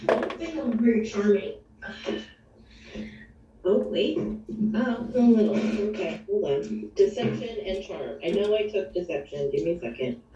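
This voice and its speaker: A woman's voice: medium pitch, expressive, measured pace, warm tone, roomy sound. A woman playing a tabletop role-play game in a playful, laughing way, recorded distant and dull with faint noise. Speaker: player.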